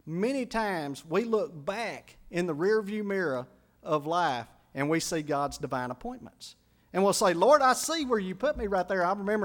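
Male pastor, high-pitched, earnest storytelling sermon voice. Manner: earnest storytelling, quotes people in their voices.

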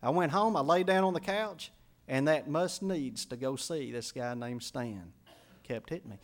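Male pastor, high-pitched, earnest storytelling sermon voice. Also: expressive, normal speed. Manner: earnest storytelling, quotes people in their voices.

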